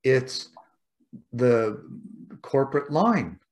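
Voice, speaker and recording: A man's voice: mid-range voice, expressive, extremely slow. A man in casual conversation, reflective and philosophical, often restarting and repeating words.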